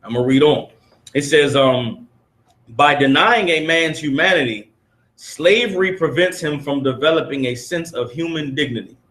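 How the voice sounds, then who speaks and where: Reading aloud to a group gathered in a room, a man delivers an emphatic, preachy lesson, firing rhetorical questions at them. The recording is echoey, and his voice is slightly high and a bit bright at a normal speed.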